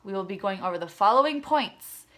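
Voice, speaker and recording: A woman teaching a recorded beginner language lesson, speaking clearly and patiently as she leads repeat-after-me drills. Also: medium pitch, animated, brisk, fairly bright tone. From Utah.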